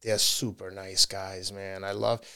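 Candid man, low voice. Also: little pitch movement, unhurried, pushed and bright, clean tone. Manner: candid, laughs often, slips into quoted voices. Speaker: podcast guest, marathon runner. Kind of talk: casual interview talk.

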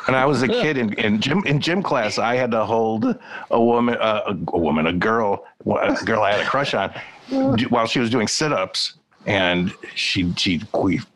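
Lively joking male podcast host. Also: fairly low pitch, moderate pace. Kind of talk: casual podcast chat.

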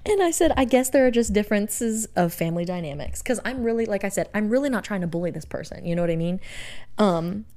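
A woman's voice: mid-range voice, lively intonation, fast, warm tone. A young woman co-hosting a podcast, retelling a dating story by reading out text messages, often laughing. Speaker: podcast co-host. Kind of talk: casual chat, retelling a date story.

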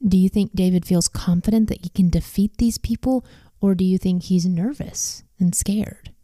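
Woman Bible study leader, measured questioning tone, warm timbre, dry room. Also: medium pitch, no echo. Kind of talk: scripture reading with discussion questions.

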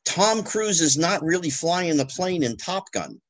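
A man speaks as a podcast guest in a lively, rhetorical way, with exasperated asides. His voice is husky and sits fairly high, and it swings widely in pitch. The sound is close and dry. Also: unhurried. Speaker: guest, former child actor. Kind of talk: casual podcast conversation.

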